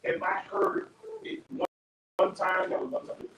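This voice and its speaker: A man in his fifties on a barbershop panel, rambling through family stories with many restarts and laughs. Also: unhurried. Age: 50s. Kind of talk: casual panel talk. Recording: echoey room, distant mic, noisy.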